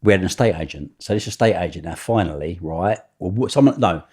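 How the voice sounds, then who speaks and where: Husky man telling stories. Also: sits low, quick pace. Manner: animated, swearing, acts out other people's voices. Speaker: podcast guest. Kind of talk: storytelling anecdote.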